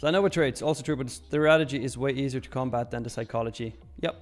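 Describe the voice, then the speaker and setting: A man's voice: mid-range voice, quick pace, soft background music. A young man hosting a live trading stream in casual chat, reading viewer questions aloud and answering them. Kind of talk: casual live market commentary.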